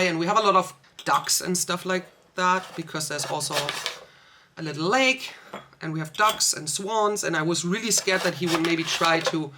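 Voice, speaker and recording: A woman's voice: fairly low pitch, noisy background. A young woman vlogger telling a story in a rambling, emotional way. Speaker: small business owner and vlogger. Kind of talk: casual storytime vlog.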